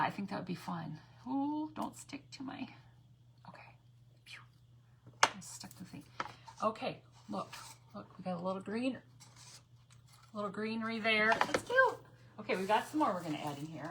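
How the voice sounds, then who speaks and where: A woman's voice: medium pitch, bright, forceful tone, slight background noise. A woman chatting casually while crafting on a livestream, rambling, repeating herself and reading out viewer comments as she works. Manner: frequent self-corrections and repeated phrases.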